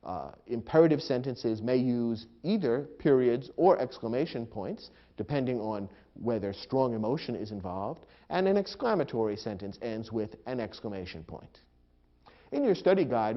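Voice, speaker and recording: A man narrating a grammar lesson in a measured, explanatory way, reading example sentences aloud with expressive emphasis. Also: medium pitch. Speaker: grammar instructor. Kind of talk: scripted educational narration. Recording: dull lo-fi recording.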